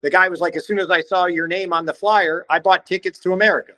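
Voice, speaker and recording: A man from Cleveland telling stories as a podcast guest, animated and acting out what other people said in quick little voices. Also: sits high, low-quality recording. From Cleveland, Ohio. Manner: animated, acts out quoted voices, swears casually. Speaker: podcast guest, band vocalist. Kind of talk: casual storytelling in conversation.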